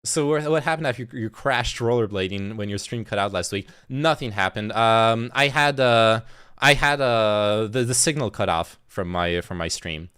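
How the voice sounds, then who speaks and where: A male streamer reacts on a livestream, recorded on a phone, in a smooth, somewhat bright voice that's on the low side at a normal speed. His commentary is rambling and profane, riddled with stammered restarts and frequent laughter.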